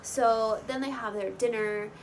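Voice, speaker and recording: A woman casually recapping a reality show, chatty, with lots of "like" and "you know" and lively quoted bits. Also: a little high, unhurried, slight background noise, rough recording. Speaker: recap host.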